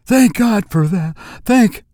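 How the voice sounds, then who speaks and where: A man's voice: sits high, lively intonation, slow pace, warm tone, dry recording, studio quality, pitched above the performer's own voice. A man voicing a frantic elderly mother. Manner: pleading, rising to panic.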